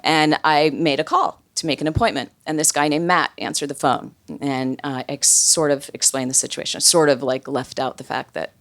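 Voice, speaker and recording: Low-voiced woman telling a wry story. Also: fairly even intonation, normal speed, hardly any pauses. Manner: wry, conversational, many fillers. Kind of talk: live personal storytelling.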